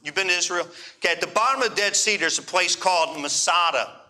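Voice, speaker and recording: A pastor telling a travel story in a sermon, animated and checking in with the congregation. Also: male voice, high voice, fast talker. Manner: animated, asks the crowd for responses. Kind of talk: sermon storytelling to a live audience.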